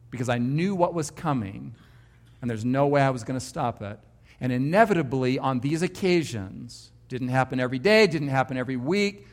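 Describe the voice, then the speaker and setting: A man, a pastor, preaching a sermon and telling his own story with emphatic, varied delivery. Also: mid-range voice.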